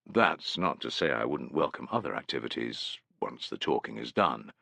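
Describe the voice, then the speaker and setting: A man voicing a guarded, ambitious male war leader with a measured, courteous tone in an audiobook. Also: extremely low pitch, animated, creaky, pushed and bright, dry recording, pitched below the performer's own voice, full character voice. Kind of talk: audiobook character voice.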